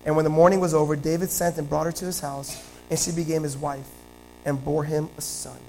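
High-voiced animated male preacher. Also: a little fast, gravelly, faint music behind, low-quality recording. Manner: animated storytelling, shifting between loud and quiet. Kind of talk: sermon.

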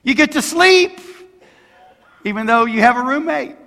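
A man's voice: very high-pitched, expressive, measured pace, sharp tone. A man in his sixties preaching a sermon as pastor, emphatic and quizzing the congregation with questions. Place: church sanctuary. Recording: long hall reverb in a church.

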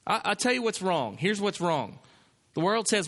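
A man's voice: high-pitched, very animated, moderate pace, in a large hall. A male pastor preaching a sermon, emphatic, with repeated phrases and rhetorical questions.

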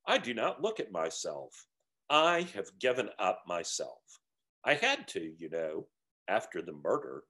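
A kindly, serene spirit, read by a man, answers calmly and gently. His voice has a lilting, expressive rise and fall. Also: on the low side, pitched below the performer's own voice, exaggerated voice. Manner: calm, gentle, unhurried. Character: serene joyful male spirit, calm and kindly.

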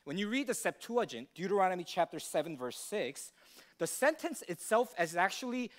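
Man, pastor, sermon, teacherly, lively pitch, asks the congregation questions. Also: moderate pace. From United States.

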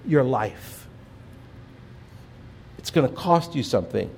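A man preaching a sermon as pastor, earnest and measured, dropping soft and low on key phrases. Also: animated, vocal fry, a little hiss or hum.

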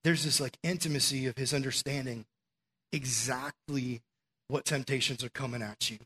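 A man preaching a sermon in a relaxed, conversational way, telling stories and often dropping in "like" as a filler. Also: medium pitch, normal speed, slight background noise. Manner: conversational storytelling with frequent "like" fillers.

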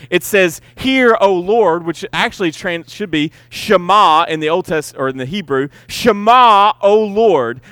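Male pastor, high-pitched, emphatic sermon delivery, dry recording. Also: fairly bright tone, no echo. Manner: emphatic, repeats key words, slows to stress points.

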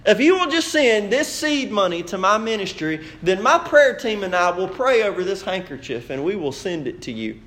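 A man voicing a smooth-talking late-night TV preacher who coaxes viewers in a salesy pitch. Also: sing-song, normal speed, few pauses, a bit bright, a little hiss or hum. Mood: coaxing.

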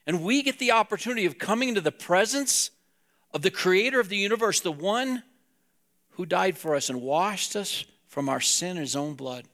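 A man preaches a sermon in a direct, conversational way. His voice sits a little high and carries a gravelly edge. He talks to the congregation like he's explaining something to friends. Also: expressive, normal speed, fairly bright tone. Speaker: pastor.

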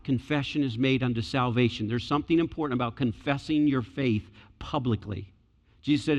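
A man delivering a sermon in a church, mid-pitched and conversational, building to loud, emphatic proclamations. His voice rings out with a long reverb trailing behind it in the sanctuary. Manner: emphatic preaching, rising loud in declarations. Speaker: pastor.

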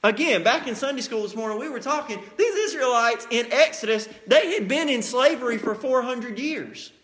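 A man preaching a sermon, telling Bible stories with lively acted-out scenes and plain, folksy asides. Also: extremely high pitch, normal speed. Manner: animated storytelling, acts out scenes.

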